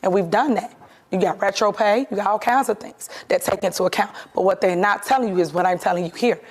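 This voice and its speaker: A woman's voice: medium pitch, quick pace. A woman, a mayor, answering interview questions in an assertive, defensive way, repeating her points firmly.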